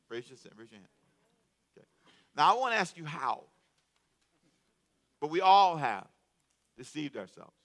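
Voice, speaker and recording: Pastor guy preaching, bright forceful voice, keeps repeating himself and getting the crowd to answer. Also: fairly high pitch. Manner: animated, repeats words, calls out to the congregation. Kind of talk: sermon.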